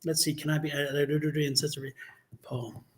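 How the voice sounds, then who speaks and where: A man hosting a casual tarot reading stream, telling stories quickly, putting on voices and laughing often. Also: on the high side. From West Virginia family, East Coast. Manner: animated storyteller, quick talker who puts on Southern voices and laughs often. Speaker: tarot reader co-host. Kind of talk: casual livestream chat.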